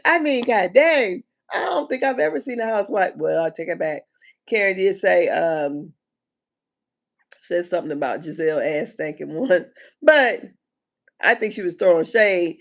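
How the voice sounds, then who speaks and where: A woman chatting casually on a live stream, animated and slangy, often laughing and exclaiming. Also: on the low side, measured pace, vocal fry. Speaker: reality TV commentator.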